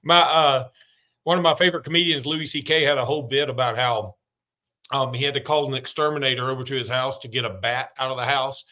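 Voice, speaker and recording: A man's voice: medium pitch, fairly even intonation, fast talker, sharp tone. A man hosting a casual sports podcast, joking and rambling through stories. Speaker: podcast host.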